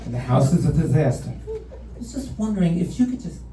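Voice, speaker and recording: A man's voice: a little high, very animated, fairly quick, warm tone, slight background noise, pitched below the performer's own voice. A male comedian voicing his fed-up wife who nags and scolds him, on a comedy club stage. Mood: pleading. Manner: pleading then scolding, weary and fed up. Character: comedian's nagging, exasperated middle-aged wife. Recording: roomy club sound from a distant mic, crowd laughing.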